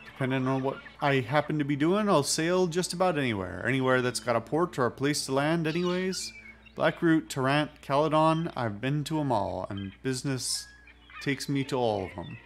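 A man's voice: medium pitch, animated, lightly acted. A man putting on a salty pirate captain. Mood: boastful. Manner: hammy pirate accent, drawn-out speech.

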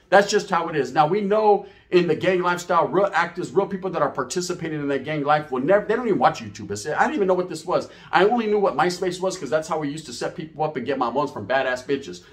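A middle-aged man, talking casually and bluntly to camera as a YouTuber, full of street slang and profanity. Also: fairly high pitch.

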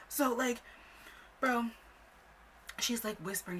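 A young woman telling a story time with animated, profane, exasperated delivery. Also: medium pitch, normal speed, pauses often, a little hiss or hum, rough recording. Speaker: storytime vlogger. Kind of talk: casual storytelling.

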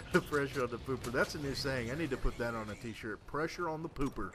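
A man's voice: medium pitch, fairly quick, noisy background. A tired man doing casual game commentary, rambling crudely and stammering through restarts. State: tired late at night. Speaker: gameplay commentator.

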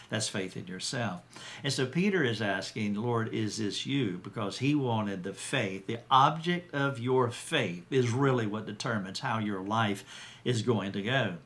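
Low-voiced man teaching scripture earnestly. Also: fairly bright tone. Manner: earnest, pauses and restarts, quotes scripture with dramatic emphasis. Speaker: Bible teacher. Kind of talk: spoken Bible teaching.

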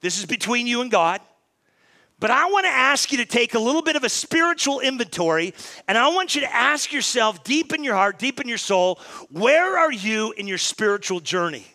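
High, bright-voiced male pastor preaching. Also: moderate pace. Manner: lively, talks straight to the congregation with questions. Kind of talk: sermon. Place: church sanctuary.

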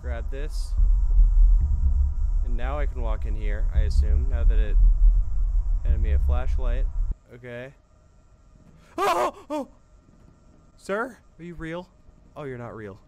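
A man's voice: mid-range voice, a little slow, pauses often, background noise. A young man playing a horror game at home in his bedroom, jumpy and self-mocking, with sudden screams at the scares. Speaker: gaming YouTuber. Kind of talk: horror gameplay commentary.

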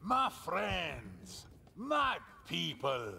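An actor playing a grandiose male island dictator in a video game, delivering a slow, theatrical speech. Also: high-pitched, huge pitch swings, gravelly, pushed and bright, exaggerated voice.

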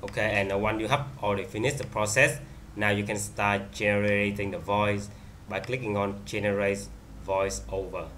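Bright-voiced man demoing software haltingly. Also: fairly low pitch, fairly even intonation, slight background noise. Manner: halting, many fillers and restarts. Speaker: software reviewer. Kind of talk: screen-recorded software demo.

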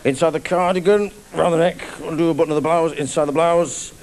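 A man's voice: a little high, steady tone, brisk, darkish tone. A man telling a comic story in live stand-up, chatty and conspiratorial, on a theatre stage before an audience, in a noisy live broadcast recording. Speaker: stand-up comedian.

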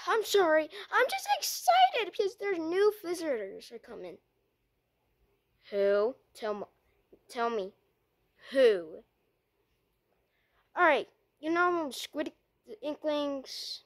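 A woman acting out a homemade character skit in an excitable, playful way, stammering and restarting as she switches between characters. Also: sits high.

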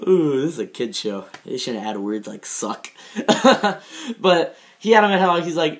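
A man's voice: on the high side, expressive, measured pace. Rambling young guy reviewing a show. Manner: rambling, many fillers and restarts, laughs at own jokes.

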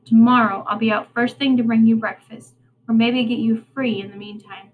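A woman's voice: on the high side, level tone, normal speed, narrow, tinny audio, a little hiss or hum, lightly acted. A woman voicing an earnest young girl in a storybook reading, speaking in a pleading, patient way.

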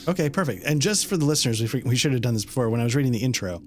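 A man's voice: mid-range voice, lively intonation, racing, faint music behind. A man narrating as game master of a horror role-playing game, casual and explaining with many fillers.

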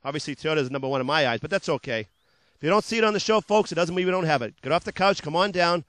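Upbeat, high-voiced New car salesman. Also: lively intonation, quick pace, fairly bright tone, no room sound. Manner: upbeat, repetitive sales patter, jokes about his own slips. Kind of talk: local TV car sales pitch.

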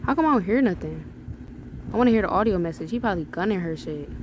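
A young woman talking loudly through a mobile game, swearing freely and reading in-game texts aloud with plenty of sass. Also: mid-range voice, expressive, fast talker, background noise. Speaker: gamer. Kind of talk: casual gameplay commentary.

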